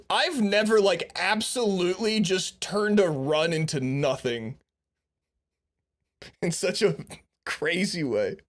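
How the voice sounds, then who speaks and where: Speaking into a streaming mic with a compressor, this man provides live gaming commentary, laughing and shrieking at his blunders, cursing openly and poking fun at himself while giving long explanations of his errors. His voice is high-pitched and fairly bright.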